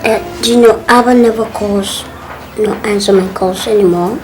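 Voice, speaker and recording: A man playing a heartbroken young son who complains slowly and plaintively about his girlfriend. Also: high-pitched, steady tone, over music, close to an everyday voice, low-quality recording. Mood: dejected. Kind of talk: Ghanaian movie acting.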